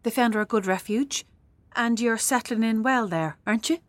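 An actress playing a calm female support worker who reassures a family. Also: fairly high pitch, moderate pace, dry recording, close to an everyday voice. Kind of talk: film drama acting.

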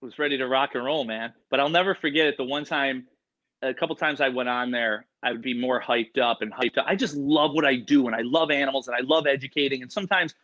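Excitable man with muffled audio. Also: mid-range voice, quick pace. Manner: excitable, rambling, full of "like" and "you know". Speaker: guest. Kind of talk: casual storytelling.

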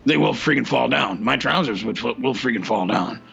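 A man's voice: medium pitch, lively intonation, normal speed, a bit bright, faint music behind. A man playing a bumbling, rambling radio co-host who stutters through restarts and says "freaking" in nearly every phrase. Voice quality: gravelly and raspy. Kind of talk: comedy radio-show sketch. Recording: dull lo-fi recording.

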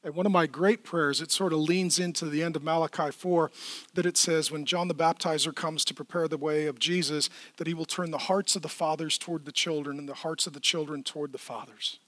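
A man preaching from the pulpit with a high, bright voice. He swings between loud, urgent pleading and hushed, gentle reassurance. The sound is dry and close. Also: steady tone, fairly quick, no room sound. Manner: impassioned preaching, swinging from loud pleas to quiet tenderness. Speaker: pastor. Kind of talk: sermon. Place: church.

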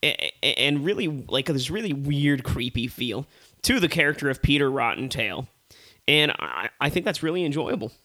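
A man co-hosting a casual movie review chat, ranting with animated, profane exasperation. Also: medium pitch, normal speed.

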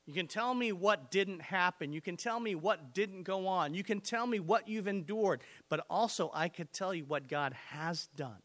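Reading from scripture and questioning his listeners directly, a pastor delivers an energetic, emphatic sermon. His voice sits high and has a sharp tone.

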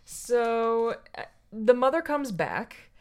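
Woman podcast co-host, higher voice, lively storytelling chat that slips into the characters' lines. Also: slow pace, clear, resonant tone. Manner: animated storyteller, acts out quoted voices. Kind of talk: casual chat retelling a picture book.

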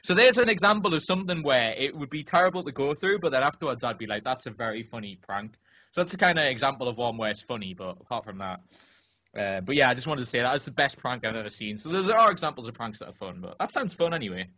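Male podcaster, rambling animated storyteller, bright tone, dull lo-fi mic. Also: mid-range voice, quick pace. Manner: animated, rambling, many restarts and fillers. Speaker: podcast co-host or guest. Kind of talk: casual podcast chat, telling a story.

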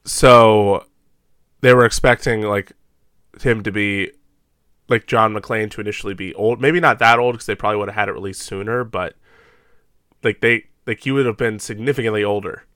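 A man's voice: on the low side, steady tone, moderate pace, a bit bright, clean tone, no room sound, studio quality. A man co-hosting a casual movie talk, chatty and often repeating words as he starts a sentence. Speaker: podcast co-host.

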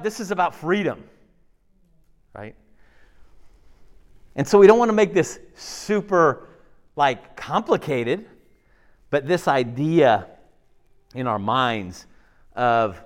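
A man preaching a casual, conversational sermon. He keeps checking in with the congregation and swings between loud emphasis and soft, low asides. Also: very animated, unhurried, long pauses. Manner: conversational, with frequent fillers and rhetorical checks. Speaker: pastor.

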